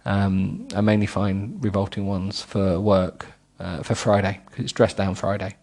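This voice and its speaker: Middle-aged man, low husky voice, comic read-aloud, stumbles over words. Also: fairly even intonation, unhurried, darkish tone. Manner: giggly, self-mocking, stumbles over words. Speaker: host reading a book aloud.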